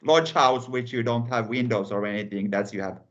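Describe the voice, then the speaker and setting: A man's voice: mid-range voice, moderate pace, muffled recording. A man making short, hesitant remarks in a casual podcast chat.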